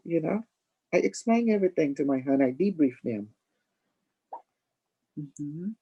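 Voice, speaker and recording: A man's voice: on the high side, normal speed, a little mellow, husky, lo-fi sound. A man hosting a live stream, rambling loosely and preaching, dropping "you know" and calling people honey. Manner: affectionate, calls listeners honey. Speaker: livestream host.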